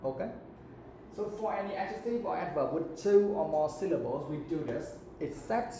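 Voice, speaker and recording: A man's voice: fairly high pitch, reverberant, background noise. A man teaching an English grammar lesson, often checking that students understand. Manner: checks understanding with repeated questions.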